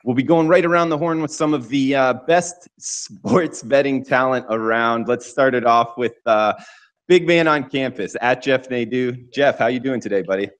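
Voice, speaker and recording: A man with a Southern US accent hosting a sports betting roundtable, relaxed and friendly with his guests. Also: mid-range voice, normal speed. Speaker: host.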